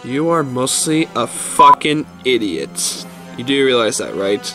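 A man's voice: medium pitch, animated, measured pace, music in the background, close to an everyday voice. A man voicing Mario as a short-tempered plumber who rants and swears when angry. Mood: scolding. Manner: exasperated, swearing, ranting. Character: Mario, short-tempered adult male plumber, easily enraged. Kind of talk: toy stop-motion fan skit voice.

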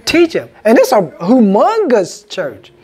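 Lively-pitched pastor preaching a sermon. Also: male voice, takes it slowly, husky. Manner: call-and-response, asks congregation "Amen?". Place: church sanctuary.

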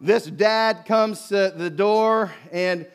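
A middle-aged male pastor delivers a sermon in a fairly high voice. He tells a personal story in an animated way, acting out the other people's lines as he goes. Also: slow pace, smooth.

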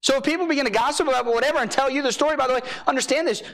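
A man's voice: very high voice, racing, a bit bright. A young man preaching a sermon in a church, telling a story with acted-out quotes.

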